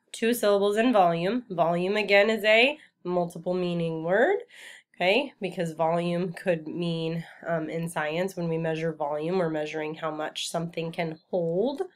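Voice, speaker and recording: A woman teacher giving a remote vocabulary lesson to children, speaking clearly and patiently and repeating each word for students to say back. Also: on the low side.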